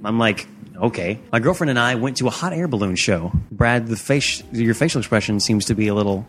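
A young man co-hosting a podcast, casual comedic banter, animated, breaking into silly voices and gasps. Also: medium pitch, fairly quick, faint music behind. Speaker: podcast co-host.

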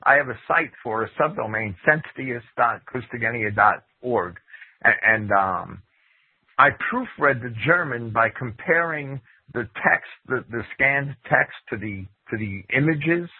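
A man's voice: mid-range voice, lively intonation, measured pace, breathy edge, dry recording. A man hosting a talk show in a casual phone conversation, stammering and repeating his words. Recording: tinny phone line.

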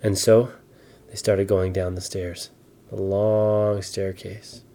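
A man telling an improvised bedtime story to a child, slow and gentle. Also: deep voice. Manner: slow, soft, animated voices for dialogue.

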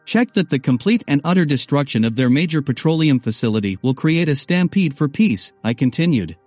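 Wry male audiobook narrator, animated. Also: fairly high pitch, brisk, no echo, soft background music. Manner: wry, sardonic. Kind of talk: first-person novel narration.

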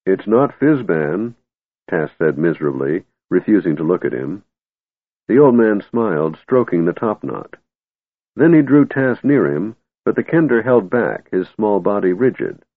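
Husky male narrator reading fantasy, real lively delivery, tinny phone-like sound. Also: deep voice, moderate pace, no echo. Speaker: audiobook narrator.

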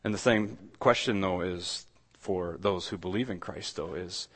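A man preaching a sermon in a conversational way. He often repeats words and restarts, then swells louder on key points. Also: low voice, normal speed, slightly rough. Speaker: pastor.

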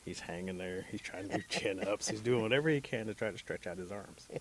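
A man telling a folk tale aloud, lively and animated as he acts out the characters. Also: fairly low pitch, fairly quick. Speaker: storyteller.

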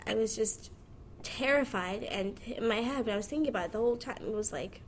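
A woman's voice: on the high side, fairly quick, a little hiss or hum. A nineteen-year-old woman, talking frankly and chattily about her life, laughing as she goes. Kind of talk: candid personal monologue.

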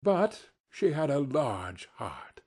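A man voicing a gentle, solemn spirit who speaks quietly and slowly. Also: fairly high pitch, very animated, slightly rough, heavily acted. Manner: quiet, measured.

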